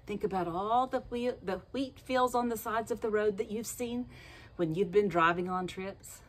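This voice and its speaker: A woman telling a story to children in an animated way, often asking the listeners questions. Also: mid-range voice, normal speed. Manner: lively, animated storytelling with asked questions to kids.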